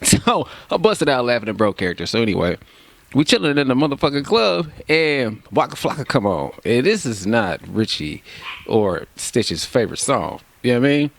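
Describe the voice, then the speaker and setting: A man's voice: medium pitch, sing-song, normal speed, vocal fry. A man rapper from Kansas City telling loose, laughing stories full of slang and cursing. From Kansas City, Missouri, USA. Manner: laid-back, laughing, heavy slang and cursing. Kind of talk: casual profane storytelling.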